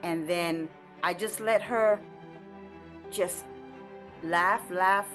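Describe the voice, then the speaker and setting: A woman sharing a personal prayer testimony in an earnest, halting way, with frequent restarts and light laughter. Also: on the low side, fairly bright tone, soft background music. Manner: halting, with many restarts and fillers. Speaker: ministry trainee sharing a testimony. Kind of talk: conversational testimony.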